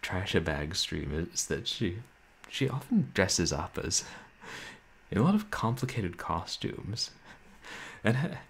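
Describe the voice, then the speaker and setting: A man streaming a game and chatting with viewers in a laid-back, wry way, with a soft, somnolent voice and frequent chuckles. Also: deep voice, very animated, slow pace, vocal fry, slightly rough. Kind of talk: casual chat with stream viewers. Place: home room, roommates nearby.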